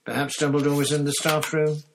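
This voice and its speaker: A man narrating a storybook chapter in a steady reading voice, with an occasional slip and restart. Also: fairly high pitch, fairly quick, vocal fry, noisy background. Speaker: audiobook reader.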